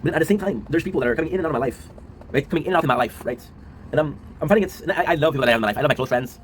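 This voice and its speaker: A worn-out man in his twenties unloads in a quick, rambling confessional monologue and keeps tagging his lines with a question. His words spill out at a breakneck pace and he swears as he goes. A faint background noise sits under the voice. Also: fairly high pitch, lively intonation, rough recording. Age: 20s. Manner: rambling, often adds a tag question and swears. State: low and worn out. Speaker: streamer and video creator.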